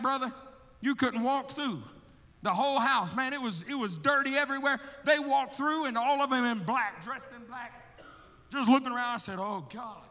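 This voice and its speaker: High bright-voiced man preaching in a hall. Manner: animated storyteller, acting out his own prayers and talks; calls listeners brother, laughs between stories. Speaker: guest missionary preacher. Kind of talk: storytelling sermon testimony. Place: church sanctuary. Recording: long hall reverb from a church.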